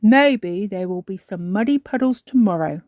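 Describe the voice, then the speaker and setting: A woman's voice: medium pitch, animated, normal speed, a little mellow, dry recording, studio quality, natural voice. A jolly father pig exclaims in a bouncy storybook voice, played by a woman reader. His lines swoop with cheerful surprise.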